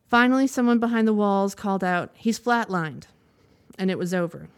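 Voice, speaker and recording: A woman reading a news report aloud in a measured, steady way, now and then stopping to correct a word. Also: mid-range voice, clear, resonant tone. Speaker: news reader.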